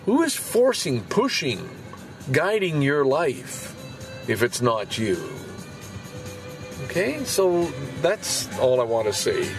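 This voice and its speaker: Man, 65, podcast host; candid swearing monologue with a wide pitch swing, soft music underneath. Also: takes it slowly, gravelly. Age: 60s. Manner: animated, swinging from low musing to loud outbursts; swears casually, repeats words when pushing a point. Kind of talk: casual monologue.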